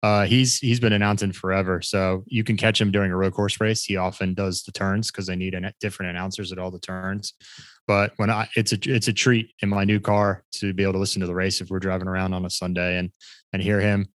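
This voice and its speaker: A man with a lowish voice chatting about racing on a podcast. He laughs often and gets animated as he talks. The sound is dry and close, with no room around it. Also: fairly quick, no room sound. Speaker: podcast co-host. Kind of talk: casual chat about racing.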